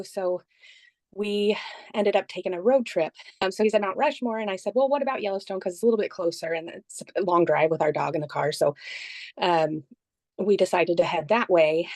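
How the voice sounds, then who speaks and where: A woman being interviewed, telling the story of a trip in a lively conversational way and quoting what others said. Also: medium pitch, no room sound. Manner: animated retelling, quoting others.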